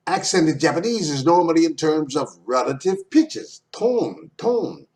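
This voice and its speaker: A man's voice: on the high side, animated, a little slow, a little mellow. A man teaching an introductory Japanese lesson in a casual, playful way, repeating words aloud for his students. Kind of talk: casual online language lesson.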